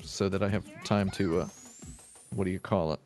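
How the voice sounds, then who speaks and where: A man's voice: deep voice, steady tone, normal speed, darkish tone, faint music behind. A man co-hosting a live stream, chatting casually and jokily with many fillers. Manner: rambling, jokey, many fillers. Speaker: stream co-host.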